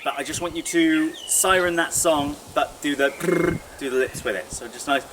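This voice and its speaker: A young man leading a guided vocal warm-up, chatty and encouraging. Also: a little high, normal speed. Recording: distant mic with audible noise.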